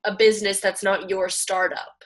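A woman's voice: mid-range voice, flat delivery, moderate pace, fairly bright tone. A woman co-hosting a podcast in casual chat, chatty and eager, laughing often. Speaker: podcast co-host.

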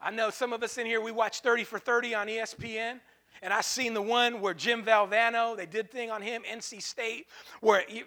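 A male pastor preaching an impassioned sermon in a church, dropping to a hush and then breaking into shouts, with repeated call-and-response lines. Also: very high-pitched. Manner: repetitive call-and-response phrasing.

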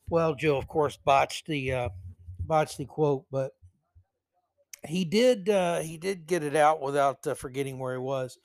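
A man's voice: a little high, a little slow, no echo. A man hosting a political commentary podcast, reading passages aloud and breaking in with sarcastic, mocking asides. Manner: reads article passages aloud. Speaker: podcast host.

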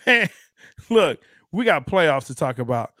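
A man co-hosting a casual sports podcast, animated and teasing, laughing often. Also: on the high side, unhurried, no echo, clean studio sound. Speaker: podcast co-host.

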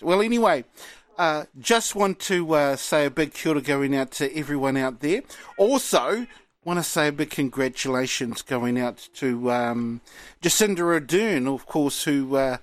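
A man with a New Zealand accent hosting a casual chat show, talking in a halting, relaxed way with lots of ums. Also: on the high side, no echo. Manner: relaxed, halting, many fillers. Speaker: show host. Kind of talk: casual radio-style chat.

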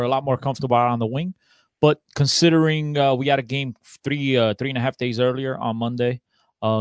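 A man's voice: mid-range voice, no room sound. A man co-hosting a casual sports podcast, talking in a loose, teasing way. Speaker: podcast co-host.

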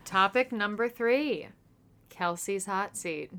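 A woman reads out numbered segment titles at a medium pitch. Her delivery is brisk and deadpan. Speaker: segment announcer.

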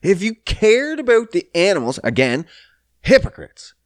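Man, fairly high voice, ranting and cursing with big swings in pitch, dry sound. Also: wildly swooping pitch, a little slow, dry recording. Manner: heated, blunt, swears a lot. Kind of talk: profane ranting monologue.

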